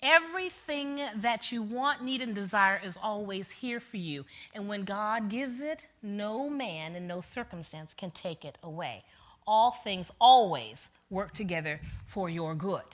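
A woman minister preaching a sermon, telling a story with animated delivery that swings from hushed asides to loud punchlines. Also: mid-range voice, a little slow.

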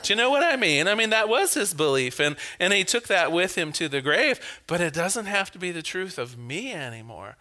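A man's voice: high-pitched, normal speed, hardly any pauses. A man giving a reflective personal talk about beliefs, telling anecdotes with laughter and rhetorical questions. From Pacific Northwest, US. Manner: anecdotal, animated storytelling with laughs.

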